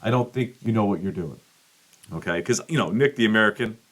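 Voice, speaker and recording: A middle-aged man hosting a podcast, telling a rambling, profane story and acting out quotes with big jumps in pitch. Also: a little fast, long pauses, a bit bright. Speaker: podcast host. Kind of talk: casual monologue.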